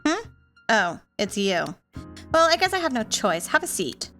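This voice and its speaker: A woman's voice: on the high side, sing-song, unhurried, pushed and bright, soft background music, exaggerated voice. Clara, a woman reading a blunt young medical student. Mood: plain.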